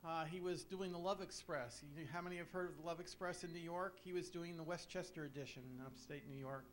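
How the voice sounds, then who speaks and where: A man's voice: fairly high pitch, steady tone, fairly quick, slight background noise. A man speaking earnestly to a congregation, introducing the next preacher with fervent praise. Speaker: pastor. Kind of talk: sermon introduction. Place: church before a congregation.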